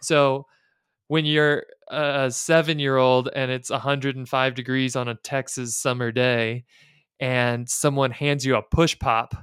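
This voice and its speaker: A man in his thirties co-hosting a podcast, chatting casually with quick asides and jokes. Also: mid-range voice, little pitch movement, fairly bright tone, smooth, no echo, studio quality. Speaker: podcast co-host. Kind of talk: casual chat.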